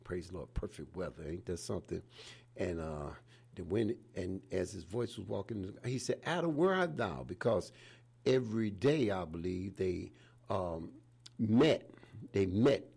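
A man's voice: deep voice, unhurried, vocal fry, warm tone, husky. A man in his seventies preaching an informal sermon in a folksy way, often repeating "praise the Lord" between phrases. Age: 70s.

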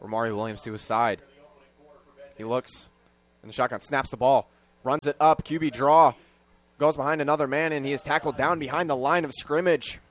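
A young man calling high school football play-by-play, his voice climbing sharply on big plays. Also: normal speed. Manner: rises sharply in pitch and volume on big plays. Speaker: play-by-play commentator.

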